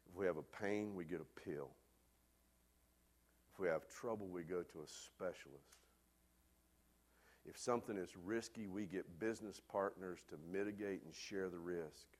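A man preaching a sermon, telling a lively personal story before turning to a quieter, earnest point. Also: sits low. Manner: animated storyteller, loud hollering peaks. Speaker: pastor.

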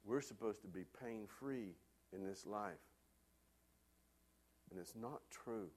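A man preaching a sermon, telling a lively personal story before turning to a quieter, earnest point. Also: lowish voice, slow. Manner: animated storyteller, loud hollering peaks. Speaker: pastor.

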